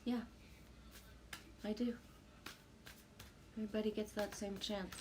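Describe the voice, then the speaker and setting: Streaming live from home, a woman reads viewer comments aloud and responds in a relaxed, rambling way, full of fillers and soft laughs. Her voice is medium in pitch and measured in pace, with a noisy background behind it, in casual live-stream chat.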